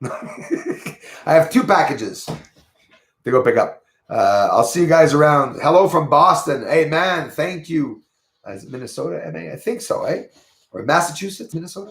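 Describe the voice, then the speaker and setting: A man's voice: a little high, animated, a little slow, creaky, pauses often, a bit bright, roomy sound. A man with a Quebec accent hosts a casual livestream, rambling and greeting viewers by name as he reads their comments. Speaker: livestream host.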